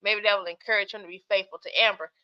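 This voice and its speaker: A woman's voice: medium pitch, steady tone, quick pace, highs cut off. A woman hosting a live stream, chatting casually with viewers about skits, sleepy and yawning as she talks. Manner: chatty, talks straight to the chat, laughs often.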